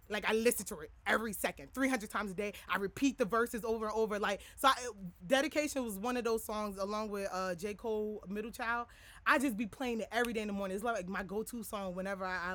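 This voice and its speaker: A young woman hosts her podcast in a loose, rambling way, leaning on filler words as she speaks candidly to listeners. Her voice is bright and forward, at a middle pitch, and it sounds dry and close with no room around it. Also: no room sound. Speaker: podcast host. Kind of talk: candid personal talk to listeners.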